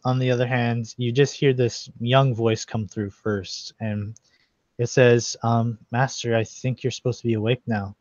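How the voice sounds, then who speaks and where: Game master, man, slow, meandering narration; dry, slightly dull mic. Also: mid-range voice, a little mellow, no echo. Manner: rambling, full of filler words. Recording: dry, slightly muffled recording.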